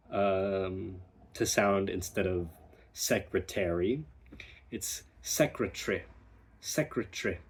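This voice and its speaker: American man, accent coach, slow and deliberate, breathy low voice, repeats example words. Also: darkish tone. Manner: demonstrates words by repeating them. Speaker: dialect coach. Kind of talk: accent lesson.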